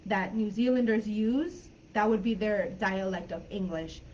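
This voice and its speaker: A woman's voice: mid-range voice, unhurried, a little mellow, highs cut off, a little hiss or hum. A woman with an American accent teaching an English class online, explaining patiently with lots of fillers.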